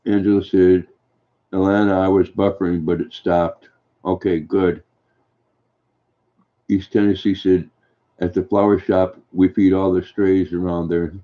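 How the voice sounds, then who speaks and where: An older man with a deep, flat voice chats gently with viewers in a folksy way. His voice comes through dull, lo-fi stream audio. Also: measured pace, pauses often. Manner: gentle, folksy, reads viewer comments aloud and answers them. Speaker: livestream host reading chat. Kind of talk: casual chat.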